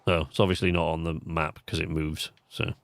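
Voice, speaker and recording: A man's voice: rumbling low, little pitch movement, a little fast, gravelly. A man streaming a video game live, chatting eagerly to his viewers, with plenty of fillers. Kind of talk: gaming livestream commentary.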